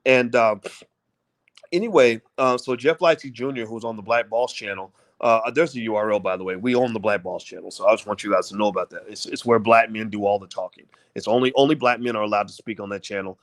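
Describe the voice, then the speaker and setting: A man's voice: on the low side, a bit bright. A middle-aged man hosting his channel, talking to viewers in a rambling, emphatic, preachy monologue. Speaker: channel host.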